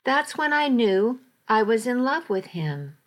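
A woman's voice: fairly high pitch, sing-song. A woman voicing an anxious teenage girl who pleads with her mother in an amateur audiobook reading. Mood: confessing. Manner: earnest, hurried pleading.

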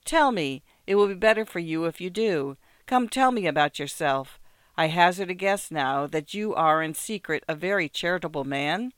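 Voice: mid-range voice, expressive, normal speed, a bit bright, clear, resonant tone, no room sound, close to an everyday voice. A reader voicing a desperate, agitated man who talks in pressing, feverish questions in a story reading. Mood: bitter, pressing.

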